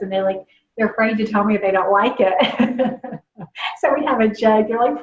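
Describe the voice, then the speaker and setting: A woman from the American South, a podcast guest telling her own story in a lively, enthusiastic way. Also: mid-range voice, brisk, roomy sound, dull audio. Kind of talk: casual podcast chat.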